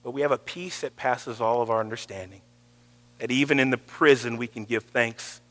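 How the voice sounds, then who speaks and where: Bright high-pitched guy preaching, goes from loud to almost whispering, big echoey hall. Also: steady tone, normal speed. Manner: swings from loud calls to near-whispers. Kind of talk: sermon.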